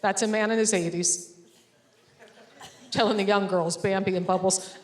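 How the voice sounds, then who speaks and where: A woman's voice: mid-range voice, steady tone, background noise. Sarcastic woman comic on an echoey stage. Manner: sarcastic, acting out quick dialogue. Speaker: stand-up comedian. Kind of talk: stand-up comedy set. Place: stage before a laughing audience.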